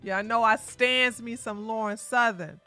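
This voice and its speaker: A woman hosting a casual livestream, chatting animatedly and breaking into loud outbursts. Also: a little high, steady tone, a little slow, soft background music. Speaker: livestream commentary host.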